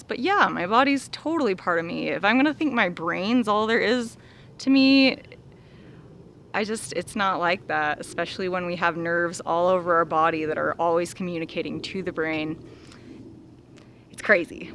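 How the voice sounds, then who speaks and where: A young woman speaks to her viewers in a casual, heartfelt way, often pausing with "like" and small laughs. Her voice is bright with a gravelly edge. A faint hiss sits under the recording. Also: on the low side. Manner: earnest, many "like" fillers, laughs between thoughts. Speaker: vlogger.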